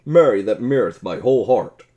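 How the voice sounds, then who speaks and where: A man voicing a huge, stout male stranger in an audiobook, loud and bold. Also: fairly low pitch, normal speed, natural voice. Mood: boisterous.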